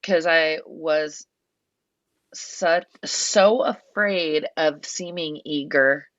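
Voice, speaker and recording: Low-voiced woman telling a rambling story. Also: extremely slow, fairly bright tone, no echo, dull audio. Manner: rambling, many "like" fillers, self-deprecating. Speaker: guest musician. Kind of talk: casual storytelling chat.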